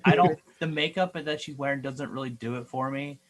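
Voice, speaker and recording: A man's voice: mid-range voice, brisk, a crowd in the background. A man co-hosting a podcast, chatting casually about movies, hesitant, with frequent restarts and fillers. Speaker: podcast co-host. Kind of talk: casual chat.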